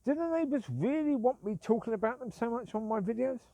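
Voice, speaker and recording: A man's voice: extremely high pitch, animated, a little fast, vocal fry, mellow, dry recording. Aggrieved man rambling on his own vlog. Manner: repetitive, aggrieved, self-justifying. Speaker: vlogger. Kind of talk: rambling casual monologue.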